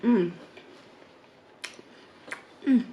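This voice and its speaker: Slow-talking woman on an eating show. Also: lo-fi sound. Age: middle-aged. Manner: slow, relaxed talk between bites with soft murmurs of approval. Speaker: mukbang vlogger. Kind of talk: casual eating-show chat. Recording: echoey room with faint background noise.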